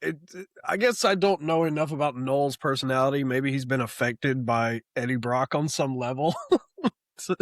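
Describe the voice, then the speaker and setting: A young man co-hosting a casual comic book podcast, talking in an animated, profane way and mocking the characters he retells. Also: medium pitch, normal speed, no room sound, clean studio sound. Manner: animated, profane, mocks characters in quoted asides. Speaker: podcast co-host.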